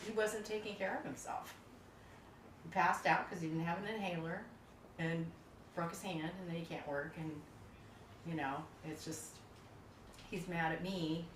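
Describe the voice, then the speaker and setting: A middle-aged mother sharing with a support group, halting and hesitant, restarting her sentences. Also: fairly low pitch. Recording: echoey room, distant mic, faint noise.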